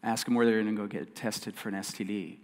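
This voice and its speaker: A man preaching a sermon as pastor, earnest and emphatic, swinging between loud stresses and quiet passages and repeating key phrases. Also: on the low side, fairly even intonation, quick pace. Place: church sanctuary. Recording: long church hall reverb.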